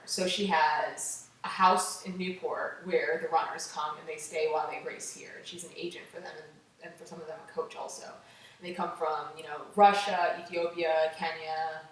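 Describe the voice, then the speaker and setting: Woman interview guest, casual storyteller, lowish voice, far from the mic in a boomy room. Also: moderate pace. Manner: animated, acts out quotes, many "like"s. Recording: echoey room, distant mic, faint noise.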